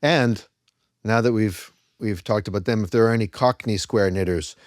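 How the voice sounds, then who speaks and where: A man's voice: fairly low pitch, moderate pace, no echo. Dry-witted man co-hosting a podcast. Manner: dry, wordplay-loving joker. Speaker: podcast co-host. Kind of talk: casual comedic podcast chat.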